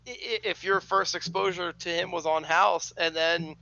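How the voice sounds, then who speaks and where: A man co-hosting a casual tabletop-gaming podcast chat, animated and swearing freely. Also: sits high, normal speed, gravelly, no echo, muffled recording. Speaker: podcast co-host.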